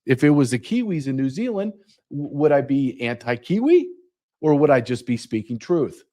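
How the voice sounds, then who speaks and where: A man's voice: medium pitch, big pitch swings, moderate pace, mellow. A man hosting his own podcast, delivering a combative, sarcastic political rant. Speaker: podcast host.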